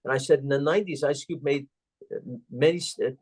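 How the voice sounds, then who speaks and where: An older man, a guest on an interview show, telling a story in a halting, anecdotal way with many fillers and chuckles. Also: on the high side, darkish tone, slightly rough. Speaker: guest, organization president.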